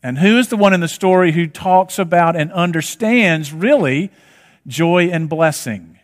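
A man's voice: fairly high pitch, a little slow. A man preaching a sermon, telling a story and asking rhetorical questions, in a reverberant hall. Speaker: pastor.

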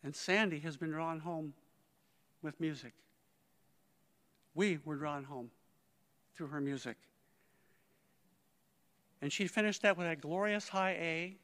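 A male conductor delivers a heartfelt eulogy at a memorial, sharing stories and frequently quoting others. His voice sits on the high side and sounds fairly bright, moving at a slow pace with frequent pauses. The long reverb of a large hall surrounds him.

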